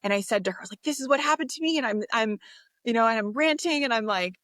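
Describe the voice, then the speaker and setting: A woman, a podcast guest, telling a story in an interview, animated and acting out the voices of people she quotes. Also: fairly high pitch, fast talker, no room sound. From United States.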